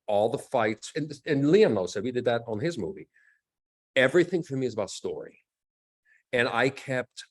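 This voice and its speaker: A middle-aged man, an actor and fight coordinator, telling stories in a casual interview and acting out the lines he quotes. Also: mid-range voice. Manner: animated storyteller, acts out quotes.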